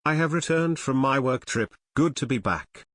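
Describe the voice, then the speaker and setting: A gruff, deep-voiced man, as a woman streamer puts him on, speaks in a mock-solemn, deadpan boom. The voice sits well below her usual pitch, and the sound is close and dry. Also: normal speed, no echo.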